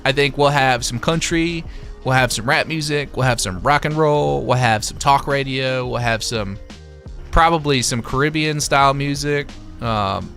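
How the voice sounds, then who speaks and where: A man's voice: mid-range voice, moderate pace, fairly bright tone, faint music behind. A man hosting a casual livestream, reading out viewer comments and chatting loosely with his chat, swearing now and then. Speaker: livestream host.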